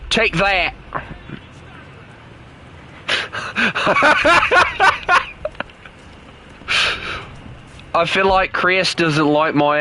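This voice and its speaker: A man's voice: a little high, bright, forceful tone, a little hiss or hum, full character voice. A man doing a cheeky put-on Australian bloke. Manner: jokey, teasing, sprinkles "crikey" and "mate". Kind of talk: gameplay chat with friends.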